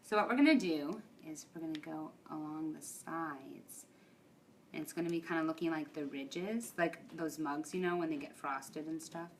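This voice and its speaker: A woman's voice: sits low, normal speed. A woman hosting a casual baking demonstration in a kitchen, chatty and encouraging. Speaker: baking host. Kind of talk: casual cooking demo chat. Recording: distant mic with faint room noise.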